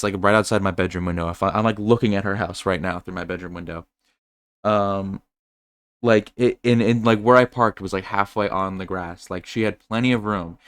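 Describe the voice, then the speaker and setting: Low, smooth-voiced man telling rambling stories. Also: no echo. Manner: rambling, profane, animated storytelling. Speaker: podcast co-host. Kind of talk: casual podcast chat.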